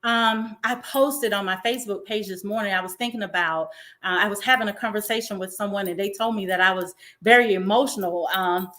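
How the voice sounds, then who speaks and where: A woman's voice: mid-range voice, a little fast, fairly bright tone. A woman hosting a show, talking in an emotional, effusive, faith-filled way to encourage her viewers. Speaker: host. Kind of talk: inspirational talk-show monologue.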